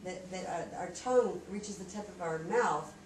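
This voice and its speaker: A woman giving casual spoken feedback at a club meeting, halting and restarting her sentences. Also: lowish voice. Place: meeting room. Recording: echoey room, distant mic, noisy with crowd.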